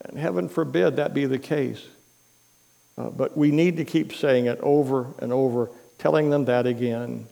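A man preaching a sermon as pastor, telling a story in an unhurried, earnest way. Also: medium pitch, steady tone, vocal fry, mellow.

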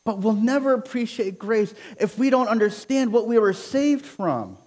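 A man preaching a sermon with passion, near to yelling at times, often repeating words as he starts a phrase. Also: high-pitched, lively intonation, normal speed. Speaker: pastor.

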